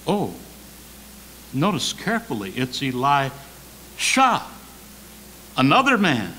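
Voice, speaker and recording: A man preaching a sermon as associate pastor, swinging between loud emphasis and soft, near-whispered lines, repeating key words slowly. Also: sits high, slight background noise, rough recording. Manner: slow deliberate preaching with repetition. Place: church sanctuary.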